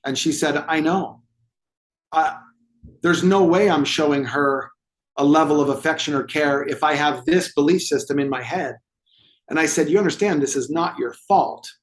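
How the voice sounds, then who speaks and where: A man's voice: a little high, normal speed. A man telling a client story as a guest in an interview, acting out the dialogue with animation. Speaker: movement therapy expert guest.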